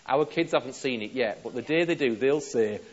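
A man's voice: mid-range voice, fairly quick. A man preaching a sermon, telling stories and acting out dialogue, his volume climbing as he plays each part. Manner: animated, acts out dialogue with rising volume. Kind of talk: sermon storytelling. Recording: slightly dull with faint hiss.

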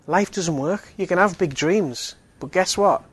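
Man, somewhat high voice, evangelistic talk, conversational, joking asides. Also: unhurried, husky. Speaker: Alpha course speaker.

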